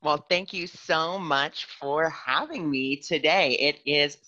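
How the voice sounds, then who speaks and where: Bright, animated man telling stories. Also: fairly high pitch, takes it slowly, highs cut off. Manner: animated storyteller who acts out quoted voices. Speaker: guest, spiritual coach. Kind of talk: casual podcast conversation.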